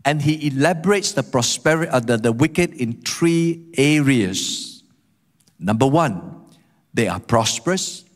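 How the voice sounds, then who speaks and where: A man's voice: medium pitch, expressive, unhurried. Man preaching a sermon in a reverberant church hall. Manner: emphatic, with rhetorical questions to the congregation. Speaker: guest pastor. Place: church sanctuary.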